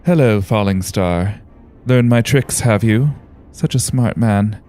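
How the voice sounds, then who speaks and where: A man voicing a sly, weary male spymaster in a tabletop game, talking softly and knowingly. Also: on the low side, slow, soft background music. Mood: wry.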